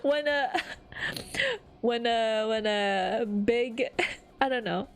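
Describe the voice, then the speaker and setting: Giggly woman, high voice, slow. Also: clear, resonant tone, faint music behind. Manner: giggly, frequent high-pitched laughter. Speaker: streamer. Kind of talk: casual chat.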